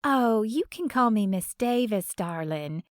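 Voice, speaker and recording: A woman's voice: lively intonation, unhurried, no room sound, studio quality. A woman doing a lyrical Southern grandmother in her sixties. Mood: charming. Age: 60s. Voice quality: lyrical, higher and brighter. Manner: effusive, folksy, playfully bossy. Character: warm older Southern grandmother, former star singer.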